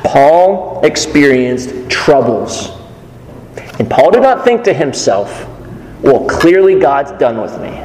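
Animated preaching man in an echoey hall. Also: fairly high pitch, slow pace, slight background noise. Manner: storytelling, animated and emphatic. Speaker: pastor. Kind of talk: sermon. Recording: echoey hall with long reverb.

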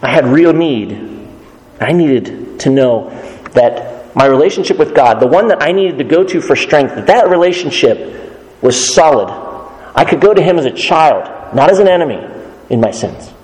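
A man's voice: a little high, lively intonation, darkish tone. Earnest preaching man in a reverberant church. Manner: earnest, measured preaching with scripture quotes. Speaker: pastor. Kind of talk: sermon.

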